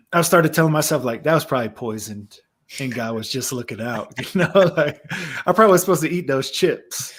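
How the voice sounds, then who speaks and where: A man's voice: medium pitch, expressive, a little fast, a bit bright, breathy edge. A young man, a musician and guest, reflecting in a casual talk about faith and laughing easily.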